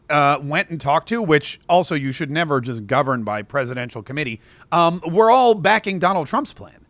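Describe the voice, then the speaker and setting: Sarcastic guy ranting about politics, higher voice, dry close sound. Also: a bit bright, no room sound. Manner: sarcastic, rambling asides. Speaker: political commentary host. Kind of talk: opinionated political commentary.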